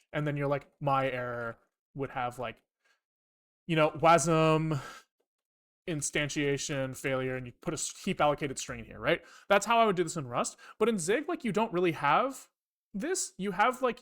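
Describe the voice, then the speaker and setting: A young man streaming himself programming, chatting casually and swearing freely as he rants and explains code. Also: a little high. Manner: chatty, profane, animated ranting. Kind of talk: casual live coding stream chat.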